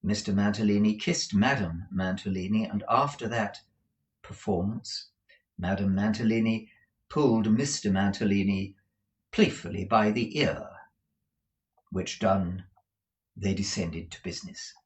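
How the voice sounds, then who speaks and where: A man reading a classic novel aloud with measured, expressive storytelling. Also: fairly low pitch, dull audio, a little hiss or hum. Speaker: reader.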